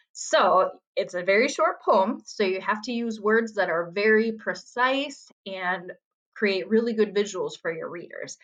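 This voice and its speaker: A woman teacher giving a video lesson, patiently explaining and reading short poems slowly and expressively. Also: medium pitch, fairly bright tone. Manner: patient, encouraging, reads poem lines slowly and expressively. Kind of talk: reading picture book aloud in a video lesson.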